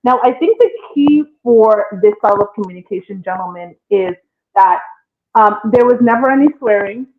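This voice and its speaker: A woman's voice: mid-range voice, normal speed. A woman hosting a casual relationship talk show, speaking expressively and addressing the listeners directly. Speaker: host. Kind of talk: casual podcast discussion. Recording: tinny phone-like sound.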